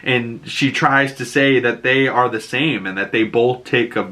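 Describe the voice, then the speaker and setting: Guy rambling through a show recap, bright voice, loose and sweary. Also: mid-range voice, unhurried. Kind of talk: casual recap commentary.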